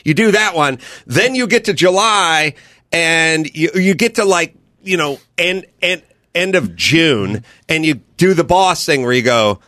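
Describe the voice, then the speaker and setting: A man's voice: a little high, unhurried, sharp tone, dry recording. A man hosting a podcast, chatting casually in a studio and acting out quoted bits as he tells a story. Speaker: podcast host. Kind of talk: casual comedic studio chat.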